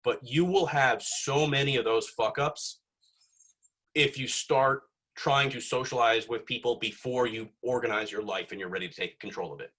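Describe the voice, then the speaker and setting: A man's voice: medium pitch, normal speed, a bit bright, breathy edge. A young man hosting a podcast, chatting casually and rambling with lots of fillers and swearing. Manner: rambling, profane, filler-heavy. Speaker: podcast host.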